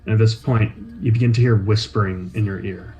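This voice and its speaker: A man narrating a tabletop game as game master, describing scenes in a measured, atmospheric way. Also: on the low side, steady tone, dark tone, rough recording. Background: faint soundtrack music.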